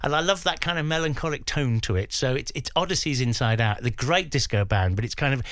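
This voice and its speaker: An English man in his fifties tells stories as a radio guest, his pitch rising and falling a great deal. He lively acts out the voices of people he quotes. The studio sound is dry and close. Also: a little fast, no echo. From England. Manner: animated storyteller who acts out quoted voices. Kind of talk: radio interview, reminiscing.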